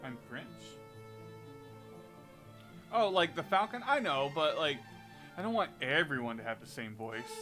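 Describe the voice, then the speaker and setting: A man's voice: a little high, animated, a little slow, pauses often, over music, low-quality recording. A man in casual live-stream commentary while playing a game, chatting and joking with viewers.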